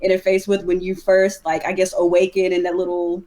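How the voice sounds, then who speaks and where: A woman's voice: lowish voice, brisk. Chatty woman hosting a gaming podcast. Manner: chatty, animated, exasperated. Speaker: podcast host. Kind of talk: casual gaming podcast chat.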